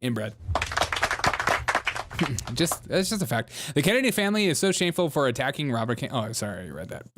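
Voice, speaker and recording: A man's voice: medium pitch, sing-song, normal speed, long pauses, fairly bright tone, a little hiss or hum. A man hosting a show, mocking political clips with sarcastic, laughing commentary. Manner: sarcastic, laughing, jumps between voices. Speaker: show host.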